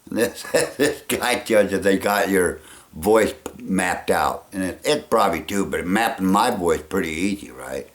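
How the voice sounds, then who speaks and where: A man with a gravelly voice talking in a rambling casual monologue, chuckling often and trailing off. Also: deep voice, animated, slow. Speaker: vlogger.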